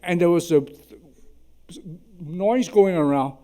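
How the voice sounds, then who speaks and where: Speaking unhurriedly and pausing often, an eighty-something surgeon with a Chinese accent tells funny anecdotes at a symposium in a lecture hall. His slightly high voice is animated yet dark in tone. He's chatty and self-deprecating, frequently adding "okay?".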